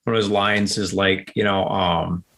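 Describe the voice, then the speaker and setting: A man's voice: sits low, level tone, moderate pace, creaky, fairly bright tone. A man guesting on a podcast as a business coach, talking casually in a rambling way and acting out bits of client dialogue.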